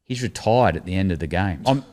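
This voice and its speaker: Low-voiced Australian man telling stories. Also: a little fast. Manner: lively anecdotes, laughs through his stories, acts out quoted lines. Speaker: guest, former cricketer. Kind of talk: casual storytelling chat.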